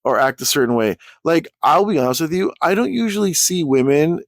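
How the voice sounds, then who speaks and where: A man's voice: on the high side, expressive, a little fast, no echo. A man telling a rambling, profane storytime rant as a YouTuber.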